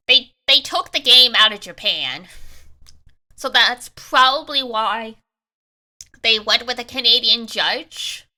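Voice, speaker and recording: A woman's voice: fairly high pitch, sharp tone. A young adult woman streamer giving chatty, joking commentary while playing a game, laughing often. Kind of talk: let's-play commentary.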